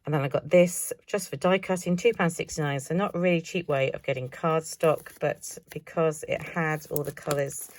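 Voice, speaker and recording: A woman's voice: deep voice, steady tone, normal speed, few pauses, dry recording. A woman showing her craft haul in a casual, chatty vlog, thinking aloud with self-mocking asides. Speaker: craft vlogger.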